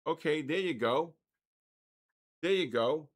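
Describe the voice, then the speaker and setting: An older man hosting a live trading stream, excitedly calling out price moves and giving quick trade advice. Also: a little high. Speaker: trading livestream host. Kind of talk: live market commentary.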